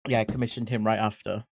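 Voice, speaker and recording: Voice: medium pitch, vocal fry, no room sound. Chatty streamer with a dry close sound. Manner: chatty, swears casually, bursts into excited yelps. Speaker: livestreamer. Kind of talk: casual chat while drawing.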